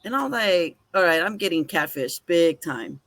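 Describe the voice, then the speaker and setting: A woman's voice: fairly low pitch, normal speed, no echo. A woman co-hosting a podcast, telling a story in casual chat, acting out both sides of the dialogue and swearing casually. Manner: animated, swears casually, acts out quoted dialogue. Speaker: podcast co-host.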